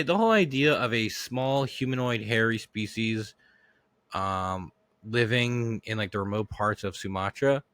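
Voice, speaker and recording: A man's voice: medium pitch, a bit bright, no echo. Rambling man hosting a solo podcast. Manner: rambling, lots of restarts and fillers. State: getting over a cough. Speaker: podcast host. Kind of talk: casual solo podcast monologue.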